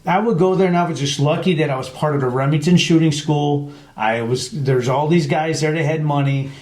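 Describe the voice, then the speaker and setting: Brisk and fairly high-pitched, a middle-aged New Yorker rattles off hunting stories as a guest on a laid-back podcast. The chapter president acts out quoted voices in animated retellings, and his voice echoes off the room.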